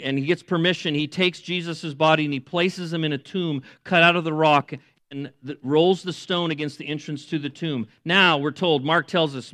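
A man's voice: on the high side, pushed and bright, no echo. A middle-aged male pastor giving a sermon, retelling scripture and acting out the people in it, with swells of intensity. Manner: dramatic retelling with voiced quotes, rising to emotional peaks.

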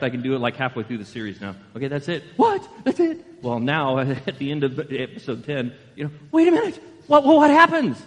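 Man in his 60s, pastor, sermon, rhetorical questions, echoing sanctuary. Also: medium pitch. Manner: animated, conversational preaching with rhetorical questions.

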